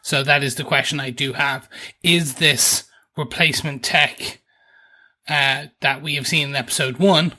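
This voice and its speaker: A man co-hosting a TV podcast, talking casually and thinking aloud in quick, jokey bursts. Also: on the high side, steady tone, pushed and bright. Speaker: podcast co-host. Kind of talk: casual chat.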